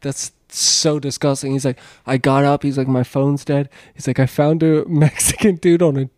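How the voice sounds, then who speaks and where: A man's voice: mid-range voice, level tone, normal speed, a little mellow, no room sound, studio quality. A man telling a rambling story in casual chat, swearing, laughing and acting out what people said. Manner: swearing, laughing, acts out quotes.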